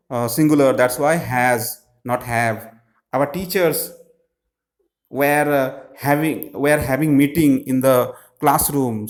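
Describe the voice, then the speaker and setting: A man, explaining textbook grammar answers slowly, with many pauses and fillers. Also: medium pitch. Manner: slow, halting, many "uh" fillers. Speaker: English teacher.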